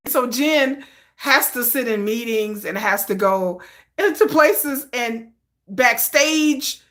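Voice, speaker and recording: A woman on a casual live stream tells her story in a rambling, chatty way. She restarts her sentences often, and her voice sits a little high. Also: lively intonation, measured pace, a bit bright. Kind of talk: casual storytelling about her fan fiction.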